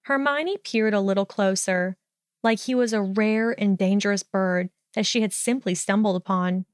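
A woman narrating a story in an even, measured reading voice. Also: medium pitch, smooth, dry recording, clean studio sound.

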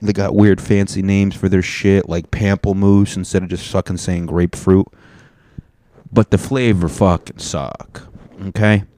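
A comedian talking casually to camera, rambling and joking with plenty of swearing. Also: male voice, low-pitched, warm tone, no room sound, studio quality. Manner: profane, rambling, jokey.

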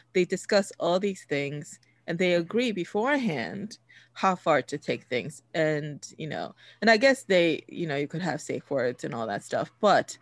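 A woman's voice: fairly low pitch, dry recording, studio quality. A woman telling a personal story in casual chat, full of fillers and restarts. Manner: chatty, many fillers and restarts, laughs while telling.

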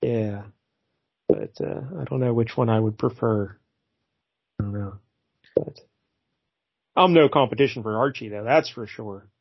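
A man's voice: lowish voice, unhurried, pauses often, no room sound. A man hosting a podcast, chatting casually about comics in a rambling way and chuckling often. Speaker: podcast host. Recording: dry, slightly dull lo-fi mic.

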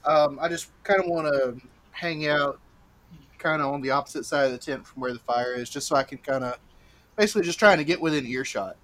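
A man's voice: fairly high pitch, fairly quick, fairly bright tone. A man at a tabletop game speaking casually, hesitant and trailing off. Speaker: player.

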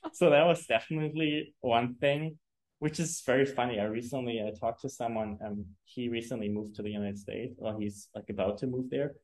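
Relaxed German man telling stories. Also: medium pitch, normal speed. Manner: relaxed storyteller, laughs easily. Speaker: guest, agency co-founder. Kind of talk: casual interview chat.

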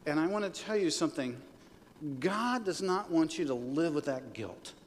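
Brief: middle-aged male pastor, lively and joking, leads call-and-response, slightly high voice, long hall echo. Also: normal speed. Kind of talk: sermon. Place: church hall. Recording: reverberant hall with faint noise.

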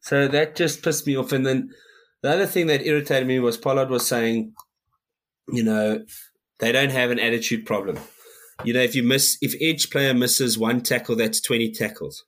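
A man's voice: mid-range voice, steady tone, moderate pace, fairly bright tone. A man, co-hosting a podcast, ranting heatedly in casual chat and swearing often. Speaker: podcast co-host.

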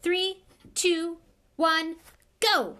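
A woman's voice: sits high, very animated, unhurried, a bit bright, pitched above the performer's own voice, exaggerated voice. A woman voicing a vain, flamboyant male wizard teacher who fusses and shows off in a storybook reading. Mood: showy.

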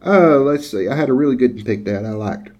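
A man from Georgia co-hosting a tabletop gaming podcast, chatting casually with jokes and halting restarts. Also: mid-range voice, lively intonation, darkish tone, muffled recording. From Georgia, USA. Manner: joking, self-deprecating, halting with restarts. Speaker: podcast co-host. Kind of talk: casual chat.

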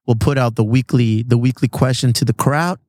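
A man from San Diego in his thirties, chatting casually as host. He is laid-back, swears freely and calls everyone "bro." His medium-pitched voice sounds dry and close. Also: fairly even intonation, fairly quick, a little mellow, dry recording. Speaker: podcast host. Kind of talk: casual chat. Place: outdoors in a backyard treehouse.

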